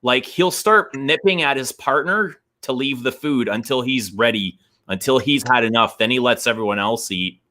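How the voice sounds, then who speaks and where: A man's voice: mid-range voice, normal speed, few pauses, sharp tone. A middle-aged Canadian man with a Canadian accent, co-hosting a stream in casual, rambling chat with many restarts. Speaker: stream co-host.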